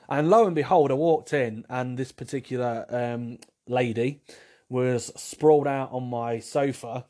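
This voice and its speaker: A podcast host with a warm, medium-pitched voice works through listener questions on his own at normal speed, chatting casually, rambling, repeating himself and making wry jokes at his own expense.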